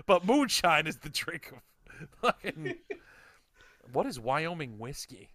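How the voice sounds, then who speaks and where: A man's voice: a little high, slow pace. A young man from Connecticut hosting a casual podcast chat, laughing often, swearing and quizzing his co-hosts. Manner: laughs often, swears, animated quiz-giving. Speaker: podcast host.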